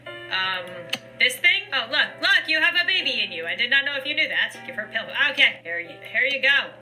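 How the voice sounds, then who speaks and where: A woman's voice: high-pitched, animated, fairly quick, bright, forceful tone, faint music behind, poor audio. A woman giving goofy, chatty commentary while playing a pretend doctor game, laughing often. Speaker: gaming YouTuber.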